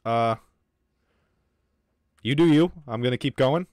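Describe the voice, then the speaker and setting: Male streamer, mid pitch, dry close sound, jumpy and profane commentary. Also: slow, pauses often, darkish tone, clear, resonant tone, no echo. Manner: jittery, swearing, talks to chat. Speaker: gaming streamer. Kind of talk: live gameplay commentary.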